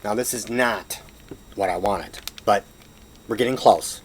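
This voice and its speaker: A man's voice: lowish voice, measured pace, a little hiss or hum. A man casually walking through a puzzle tutorial at home, self-deprecating and apologetic as he fumbles, recorded on a camera mic. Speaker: hobbyist showing a puzzle solve.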